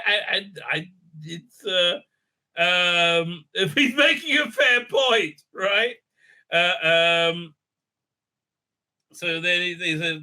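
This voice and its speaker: A man's voice: high-pitched, lively intonation, a little slow, pushed and bright. A man hosting a casual TV episode recap, rambling and joking with many stammered fillers. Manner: rambling, full of stammered fillers and repeated "right?"; irreverent, joking. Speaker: show recap host.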